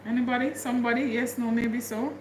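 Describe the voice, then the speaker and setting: A woman's voice: fairly high pitch, steady tone, fast, reverberant, slight background noise. A woman from Jamaica with a Jamaican accent, chatting casually with viewers on her livestream and laughing often. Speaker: livestream host.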